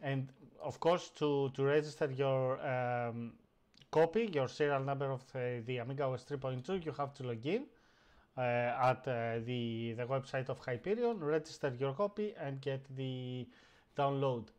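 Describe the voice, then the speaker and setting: A man hosting a live stream, casually talking viewers through a software update and greeting chat as he works, with frequent pauses and fillers. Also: mid-range voice, clean tone. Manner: hesitant, many fillers and restarts while operating the computer.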